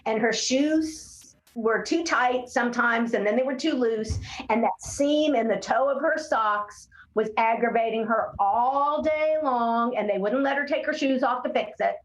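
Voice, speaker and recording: A woman's voice: a little high, a little slow, hardly any pauses. A woman, a speech-language pathologist, chatting as an interview guest and telling stories, often acting out what children and parents say. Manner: animated storyteller, acts out quotes of kids and parents. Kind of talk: casual interview conversation. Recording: echoey room.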